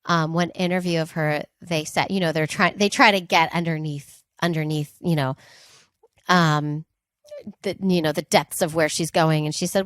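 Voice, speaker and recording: A woman's voice: low voice, normal speed, no room sound, studio quality. A woman co-hosting a podcast, telling stories in casual chat with playful asides. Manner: animated storyteller, playful asides. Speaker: podcast co-host.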